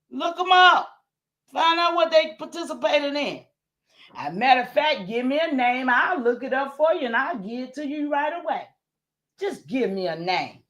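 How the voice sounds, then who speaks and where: High-voiced woman ranting on a livestream. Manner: emphatic, repeats herself, talks straight to the audience; swears when heated, then apologises. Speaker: livestream host. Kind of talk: livestream commentary to viewers.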